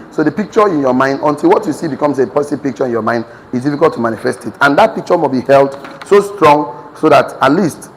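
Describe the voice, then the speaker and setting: Fast-talking man coaching a crowd. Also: mid-range voice. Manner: emphatic, repeats key phrases, call-and-response with listeners. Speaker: motivational business coach. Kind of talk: motivational speech to a live audience. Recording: reverberant hall with faint noise.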